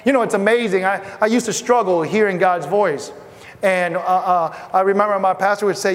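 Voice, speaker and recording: A middle-aged man from Asia preaches in a high voice, talking with the congregation as if in conversation. His words ring out with a long reverb from a church hall. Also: steady tone, brisk. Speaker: pastor. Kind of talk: sermon.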